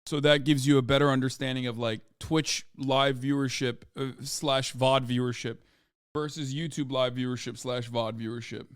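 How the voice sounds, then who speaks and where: A man streaming casual reaction commentary, rambling with fillers and swearing, turning loud and heated when he rants. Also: medium pitch, fairly even intonation, moderate pace, clear, resonant tone, no room sound, studio quality. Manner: profane, rambling, with frequent fillers.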